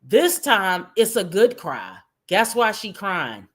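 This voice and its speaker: A woman's voice: mid-range voice, very animated, takes it slowly, fairly bright tone. Sarcastic woman doing reaction commentary. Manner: sarcastic, mocking, talks to viewers. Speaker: streamer host.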